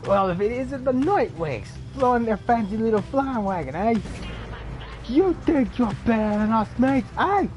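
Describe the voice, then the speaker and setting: A man's voice: extremely high pitch, animated, moderate pace, voice pushed up. A man voicing a rowdy, threatening male ruffian in a put-on Cockney accent, over game music. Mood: jeering. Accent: attempted Cockney. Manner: jeering, loud, threatening.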